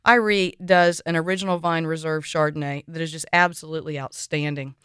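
A woman's voice: low voice, fairly even intonation, a little fast, a bit bright, clear, resonant tone, dry recording, clean studio sound. A woman hosting a radio wine show, chatty and opinionated, giving enthusiastic recommendations.

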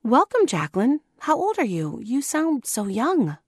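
An actress playing a cheerful radio host in an ad, with a chirpy, sing-song manner. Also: female voice, high-pitched, very animated, a little slow, breathy edge, no echo, clean studio sound, heavily acted.

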